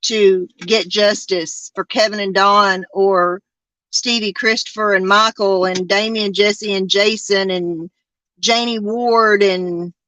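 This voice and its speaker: A woman's voice: medium pitch, a bit bright, no echo. A woman, hosting a podcast in a casual chat that rambles and halts with many fillers and restarts. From Arkansas. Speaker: podcast host.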